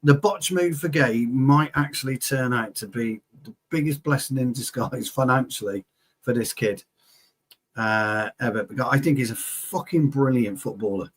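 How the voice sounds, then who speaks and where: A man's voice: mid-range voice, normal speed. A man co-hosting a football show in casual chat, boisterous and joking, swearing freely.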